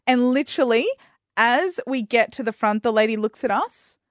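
A young woman co-hosts a podcast in a casual chat, telling a story with dramatic flair and acting out her own panic. Her voice sits fairly high and sounds close and dry, with no room around it. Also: normal speed, no room sound. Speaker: podcast co-host.

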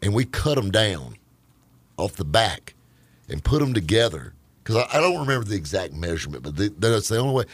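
A man in his forties telling car stories in casual chat, animated and quick to laugh. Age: 40s. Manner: animated storyteller, lively pitch, laughs often.

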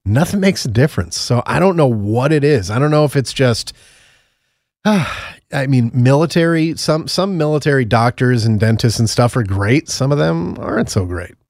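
Man, podcast co-host, rambling storyteller, mid pitch, dry close sound. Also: expressive, moderate pace, a little mellow, no room sound. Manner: rambling, joking anecdotes. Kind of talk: casual chat.

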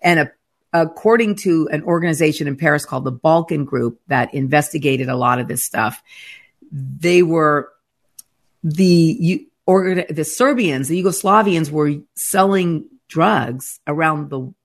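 A woman's voice: sits low, unhurried. A woman, the guest in an interview, retelling her experiences in an emphatic, dramatic conversational way, with frequent restarts. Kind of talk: conversational storytelling.

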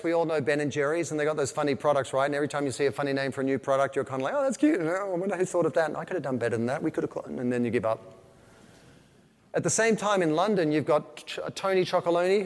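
A man, a veteran marketer, giving an animated business talk to a live audience, telling stories with quoted asides. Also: fairly high pitch. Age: older. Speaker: keynote speaker on marketing. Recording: long hall reverb.

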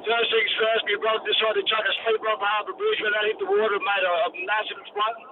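A man with an Australian accent calling in to a radio show, telling a rambling, excited story. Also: high voice, fast talker. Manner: rambling, excited yarn-spinner. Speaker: caller. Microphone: telephone. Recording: tinny noisy phone line.

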